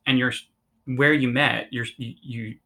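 A man's voice: medium pitch, steady tone, unhurried, creaky, sharp tone. A male podcast host who talks reflectively and stops to unpack the meaning in his guest's story. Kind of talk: casual interview chat.

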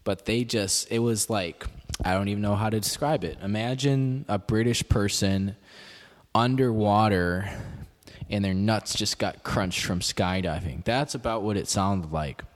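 A man's voice: lowish voice, measured pace, big-room sound. A man with a Chicago accent hosting a podcast, rambling through jokey, digressive asides in a casual monologue. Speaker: podcast host.

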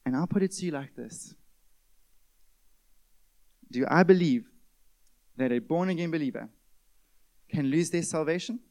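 A man preaching a sermon, stressing key words loudly and then dropping to a hush. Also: on the high side, measured pace, long pauses. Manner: emphatic preaching, swings between loud stresses and hushed drops. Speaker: pastor.

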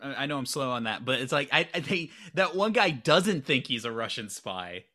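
Bright-voiced man, halting and chatty. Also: mid-range voice, very animated. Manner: halting, self-correcting, laughs easily. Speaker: podcast co-host. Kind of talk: casual movie discussion.

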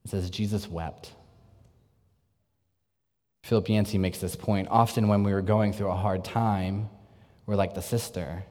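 A man preaching a sermon in an earnest way, moving between lively bursts and hushed, intense passages. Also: lowish voice, normal speed. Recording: long reverb, echoey hall.

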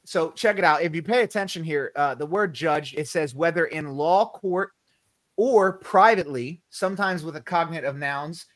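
A man with a slightly high voice teaching scripture on a casual faith podcast, emphatic and a little preachy, dropping slang as he goes. His voice sits dry and close, with no room around it. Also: moderate pace, a bit bright, no room sound. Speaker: podcast co-host.

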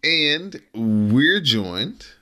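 A man's voice: mid-range voice, big pitch swings, drawn-out words, bright, forceful tone. A man hosting a casual wrestling podcast, reading results and joking with his co-hosts in a laid-back way. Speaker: podcast host.

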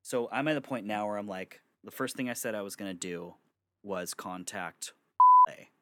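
A young man in his bedroom telling a story for his vlog, animated and swearing freely. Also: on the low side, moderate pace, dry recording. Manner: animated, swearing, breaks into laughter. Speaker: vlogger.

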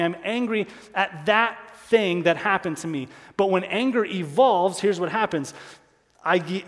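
A man's voice: sits high, long reverb tail. A male pastor preaching a sermon, driving points home by repeating key lines and asking rhetorical questions.

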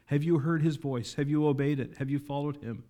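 Guy preaching a sermon, gets loud and fired up at the big lines, talks right to the crowd. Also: a little high, steady tone, a little fast. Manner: preaching with rising emphatic climaxes and audience asides. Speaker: pastor.

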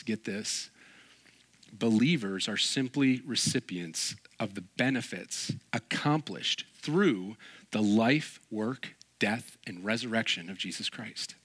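A man preaching a sermon, animated, acting out little quoted voices and joking with his listeners. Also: medium pitch. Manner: animated, acts out quoted voices, jokes and laughs. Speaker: pastor.

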